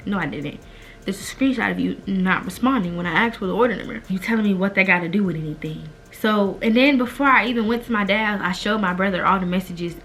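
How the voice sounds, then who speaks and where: A young adult woman vlogger telling a personal story in an emphatic, animated, slangy way. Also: mid-range voice. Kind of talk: storytime vlog.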